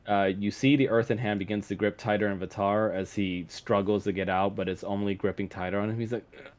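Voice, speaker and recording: Male game master, low-pitched, halting tabletop narration. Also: steady tone. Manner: halting narration with frequent uh fillers.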